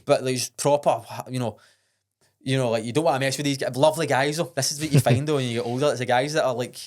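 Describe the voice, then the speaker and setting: Glaswegian guy telling a story on a podcast, talks quick, swears a lot, keeps restarting himself. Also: medium pitch, steady tone, a little mellow. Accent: Scottish, Glaswegian. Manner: blunt, sweary and earnest, with many restarts. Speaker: podcast guest. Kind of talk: casual storytelling.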